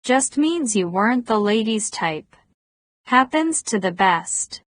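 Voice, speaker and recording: A woman voicing a teasing Deep South woman with a smoky voice in an audiobook, speaking slowly. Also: expressive, no room sound, clean studio sound.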